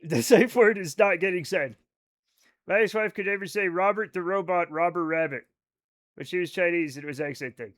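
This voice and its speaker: A man streaming a game live, talking in a high voice with a bright, forceful edge. He rambles and jokes loosely, swearing freely as he chats to his viewers. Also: moderate pace. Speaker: livestreaming gamer. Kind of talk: casual live-stream chat.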